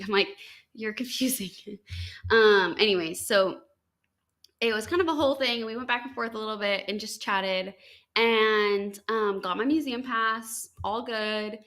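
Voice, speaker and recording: A young woman from the United States, a podcast host, casually telling a story with lots of "like" and "um" and bright, high-pitched quoted lines. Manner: chatty, animated quotes with high-pitched acted lines, frequent likes and ums.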